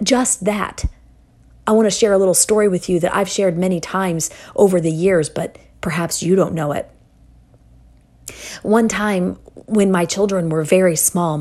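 A middle-aged woman preaching a sermon and telling a personal story, speaking earnestly with emphatic, dramatic pauses. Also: medium pitch, darkish tone, husky.

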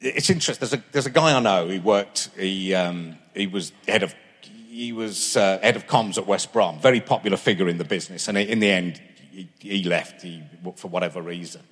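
A man's voice: low-pitched, a little fast, a bit bright, slightly rough. A man in his fifties, a guest in a live stage interview, telling rambling anecdotes that keep restarting and interrupting themselves. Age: 50s. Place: large concert hall with live audience. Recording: reverberant live hall.

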